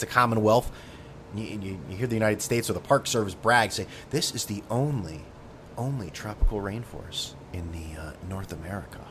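A man's voice: mid-range voice, a little hiss or hum. A man hosting a podcast, talking in a sardonic, profane, rambling monologue full of tangents. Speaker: podcast host.

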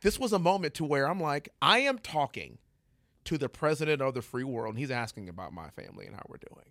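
A man telling an animated story in casual podcast chat, laughing often and stumbling over his words. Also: mid-range voice, brisk, creaky, dry recording, studio quality.

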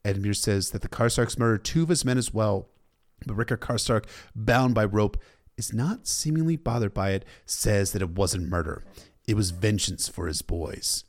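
A man's voice: lowish voice, lively intonation, normal speed. Irreverent man recapping a story. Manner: irreverent, swears casually. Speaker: book recap narrator.

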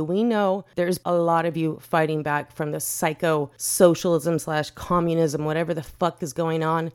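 A woman's voice: fairly low pitch, smooth. A woman hosting a podcast, ranting in a blunt, profane, indignant way. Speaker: podcast host.

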